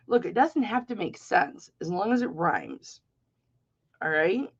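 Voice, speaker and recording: A woman's voice: medium pitch, expressive, a little slow, breathy edge, highs cut off. A middle-aged woman hosting a live-stream jewelry auction, chatting casually and rambling playfully through stories.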